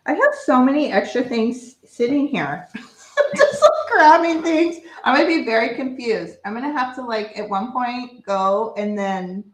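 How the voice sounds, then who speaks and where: A woman co-hosting a live vintage sale, friendly and quick as she keeps track of bids. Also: a little high, expressive, echoey room, rough recording. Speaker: vintage seller co-host.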